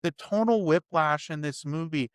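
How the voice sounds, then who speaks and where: A man's voice: on the high side, normal speed, smooth, dry recording, clean studio sound. A man co-hosting a movie review podcast, talking casually and animatedly, swearing and acting out scenes. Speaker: podcast co-host.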